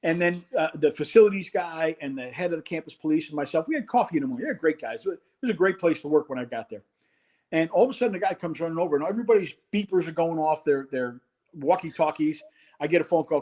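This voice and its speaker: A middle-aged man, a former college football head coach, telling an animated story in a casual interview and acting out the voices in it. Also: on the high side, fast.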